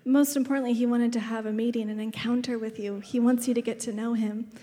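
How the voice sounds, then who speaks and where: Woman pastor, thirties, chatty storytelling sermon, high voice, long church-hall reverb. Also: steady tone, fast talker, dark tone. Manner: chatty storytelling, laughs often, drops to a whisper in tender moments.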